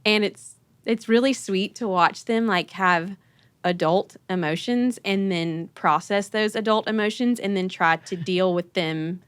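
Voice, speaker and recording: A woman, hosting a podcast and telling an animated story, laughing and acting out her kids' voices. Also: medium pitch, unhurried, smooth, no echo. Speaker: podcast host. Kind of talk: casual conversational storytelling.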